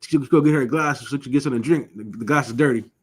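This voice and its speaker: Teaching a religious class, this man talks fast in a husky, medium-pitched voice. He is emphatic and repetitive, frequently questions his audience, and spins lively stories.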